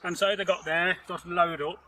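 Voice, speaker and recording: A man's voice: sits high, steady tone, normal speed, sharp tone, rough recording. A man, telling a folktale outdoors in a rambling, chatty way, laughing and joking with a companion. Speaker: folktale storyteller and channel host. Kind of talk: casual spoken storytelling. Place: outdoors in nature.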